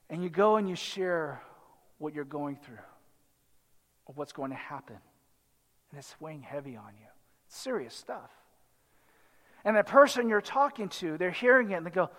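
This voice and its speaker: This is a pastor whose preaching sounds like talk, peppered with "right?" as he checks in with his listeners. The man's voice is high, expressive and fairly bright, at normal speed with long pauses, echoing through a large hall.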